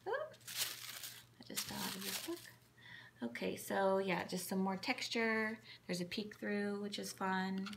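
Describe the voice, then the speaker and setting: A woman's voice: mid-range voice, vocal fry, noisy background. A woman casually showing children's books and acting out their sound words in a sing-song voice. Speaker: children's book reviewer. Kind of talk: casual show-and-tell of books.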